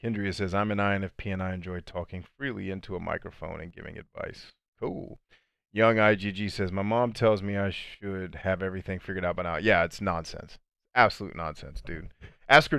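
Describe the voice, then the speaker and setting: A man life coach chatting casually on a livestream, reading viewer comments and answering them. He talks in animated fast bursts that slow into a deliberate cadence. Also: low-pitched, gravelly, smooth, dry recording, studio quality. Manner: conversational, addresses viewers as friends and dude.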